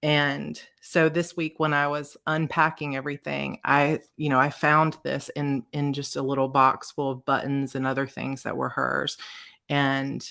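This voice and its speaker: Gravelly, bright-voiced woman telling a personal story. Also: extremely low pitch, level tone. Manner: emotional, near tears, halting restarts. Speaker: author and video host.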